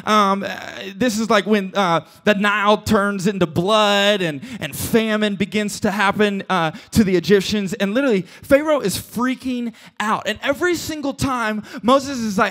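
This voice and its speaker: Man pastor, high voice, casual joking sermon, playful storyteller. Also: moderate pace, few pauses, fairly bright tone.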